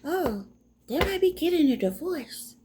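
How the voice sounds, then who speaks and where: A woman's voice: very high-pitched, very animated, a little slow, background noise. A woman giving a casual tarot reading, blunt and profane, rambling as she talks. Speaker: tarot reader.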